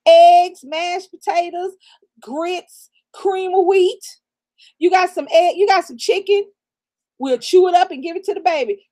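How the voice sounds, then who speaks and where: Very high-pitched yet mellow, this woman speaks at a measured pace. As a middle-aged channel co-host raised in the American South, she offers blunt, profane, preachy real talk on a casual live stream, laughing as she gives advice.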